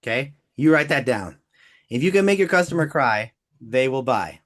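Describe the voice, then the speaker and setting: A man hosting a live-stream business training who talks with high energy and often slips into acted-out quotes. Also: normal speed. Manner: energetic and theatrical, acts out quotes.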